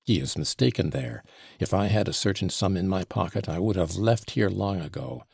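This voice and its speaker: A man's voice: deep voice, expressive, normal speed, gravelly, a little mellow, husky, no room sound, clean studio sound, heavily acted. A man voicing a scornful, conceited young male servant in an audiobook, with a sneering, self-important way of lecturing. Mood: contemptuous. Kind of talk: audiobook character reading.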